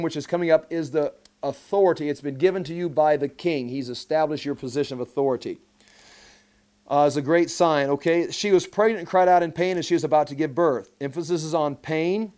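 Emphatic higher-voiced male preacher. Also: darkish tone. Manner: emphatic, repeats key phrases, restarts mid-sentence. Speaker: Bible teacher. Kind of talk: Bible study sermon.

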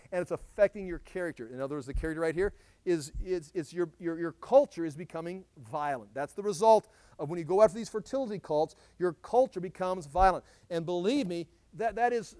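Middle-aged man for a Bible teaching, high-voiced, dry close mic, loud emphasis dropping to low asides. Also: brisk, no echo. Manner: conversational, swings from loud emphasis to low asides, many restarts.

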